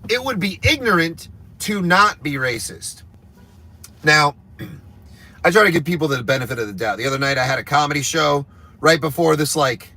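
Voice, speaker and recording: A man, a comedian, ranting in a crude, rambling, deliberately provocative way on a live stream from a moving car. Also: on the high side, bright, forceful tone, slight background noise. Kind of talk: provocative live stream rant while driving.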